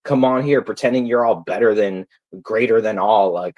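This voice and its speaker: A man's voice: fairly low pitch, normal speed, dull audio. A man ranting angrily to his livestream viewers, heated, profane and repetitive. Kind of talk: angry livestream rant.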